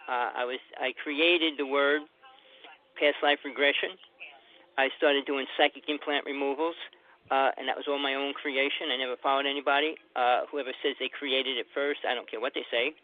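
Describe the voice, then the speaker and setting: An older man calling in as a guest to a talk radio show, chatting in a loose, rambling way over his phone. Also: medium pitch. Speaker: call-in guest. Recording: tinny phone line.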